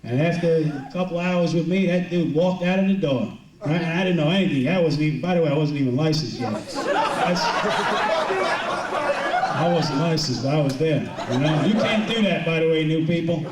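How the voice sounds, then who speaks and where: A middle-aged motivational speaker with a voice on the high side talks at normal speed to a business audience, joking and rambling through stories with many restarts. A distant mic in a large event hall picks up roomy sound, heavy background noise, and crowd laughter.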